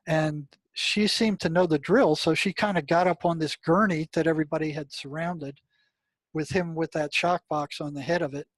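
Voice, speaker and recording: A man's voice: on the high side, normal speed, no room sound. Older man telling a story animatedly. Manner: animated, many restarts, exclaims when recounting. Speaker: guest, retired mental health practitioner. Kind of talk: storytelling interview talk.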